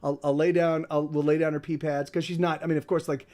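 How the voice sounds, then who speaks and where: A man's voice: on the high side, level tone, fast. A man hosting a livestream, chatting casually, rambling with lots of restarts and repeated words. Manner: soft baby talk to his dog. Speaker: livestream host. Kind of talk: casual chat.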